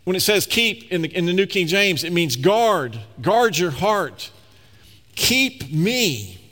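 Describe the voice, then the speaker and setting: A man's voice: high voice, lively intonation, a little slow, fairly bright tone. A man preaching a sermon as pastor, talking conversationally and emphatically, acting out little quoted voices. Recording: reverberant hall.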